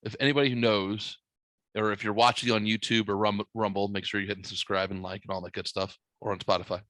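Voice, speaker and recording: A young man hosts a podcast and tells a story in a joking, profane, smart-aleck style. His voice is lowish, level, quick and a bit bright, captured in poor audio without echo.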